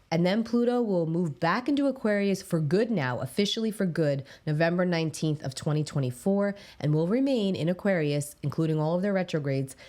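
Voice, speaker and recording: A woman's voice: low-pitched, darkish tone. A woman astrologer explaining to her viewers, stressing key words and addressing them directly. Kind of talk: explanatory talk to camera.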